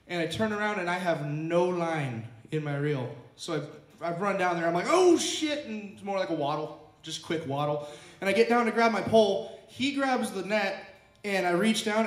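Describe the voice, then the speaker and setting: Profane high-voiced man telling a tale. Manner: profane, animated storyteller. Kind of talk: storytelling to a live audience. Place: roomy clubhouse. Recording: echoey room.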